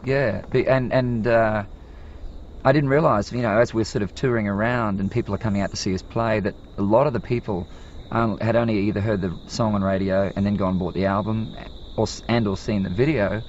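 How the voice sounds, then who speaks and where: A man's voice: lowish voice, fairly even intonation, fairly quick, a little mellow, a little hiss or hum. A man with an Australian accent, a musician guest chatting casually in a radio interview, often restarting his sentences. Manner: hesitant, restarting, chatty storytelling. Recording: slightly muffled radio recording.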